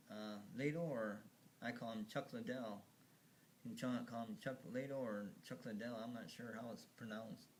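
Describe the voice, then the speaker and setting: A man talks slowly over a slideshow in a loose, rambling way. He hesitates, restarts his sentences and chuckles at his own remarks. A faint hum of ambience sits behind his voice. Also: mid-range voice. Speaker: video narrator. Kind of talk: casual slideshow commentary.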